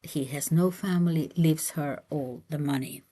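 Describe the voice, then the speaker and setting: A woman's voice: deep voice, normal speed, warm tone. A woman reading a novel aloud and adding chatty asides, with fillers and restarts between passages. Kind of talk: reading aloud with casual commentary.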